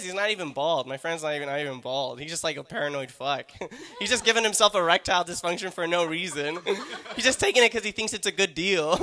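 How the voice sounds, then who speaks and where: A man performing a stand-up set in a rambling, self-deprecating way, his sentences full of ums and likes. His voice sits a bit high for a man. It has a bright, sharp edge. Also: lively intonation, fairly quick, hardly any pauses. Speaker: stand-up comedian.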